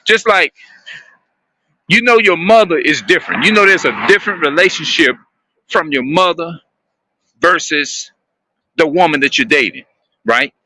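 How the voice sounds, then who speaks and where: A man talking to his viewers in a rambling, halting monologue, often repeating and restarting his phrases. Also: a little high, lively intonation, pushed and bright, no echo.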